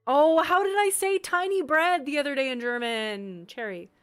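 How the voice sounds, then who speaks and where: A Canadian woman chatting on a live stream, reading chat aloud and reacting with sudden bright exclamations. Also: sits high, moderate pace, no room sound, soft background music.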